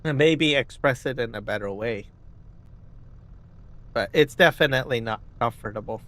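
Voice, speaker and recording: Man, gaming streamer, loose rambling chat with lots of "right?" and throat clearing, mid-pitched everyday voice. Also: moderate pace, a bit bright. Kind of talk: casual live-stream chat.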